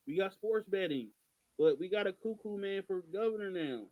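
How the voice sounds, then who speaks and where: A man's voice: high-pitched, lively intonation, normal speed, highs cut off. A man from Missouri co-hosting a casual podcast, ranting in an exasperated, emphatic way. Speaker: podcast co-host.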